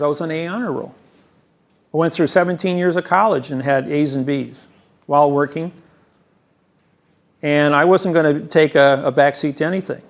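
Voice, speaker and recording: A man giving a rambling seminar lecture, boastful and emphatic, sure of his own expertise. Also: fairly high pitch. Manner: boastful, emphatic, self-assured. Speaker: seminar presenter. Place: seminar room.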